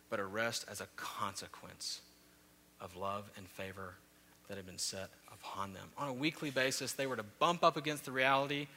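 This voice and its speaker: A man in his thirties preaches in a church sanctuary, his voice very bright and forceful. A long reverb trails each phrase, and his storytelling swells into loud, animated peaks before settling back. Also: mid-range voice. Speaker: pastor. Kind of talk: sermon.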